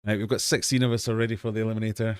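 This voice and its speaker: A Scottish man in his forties runs a casual livestream quiz from home. His voice sits low, and he teases his viewers with playful, self-deprecating banter. The sound is close and dry, with no room echo. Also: little pitch movement, rapid-fire, clear, resonant tone. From Scotland. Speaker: livestream host.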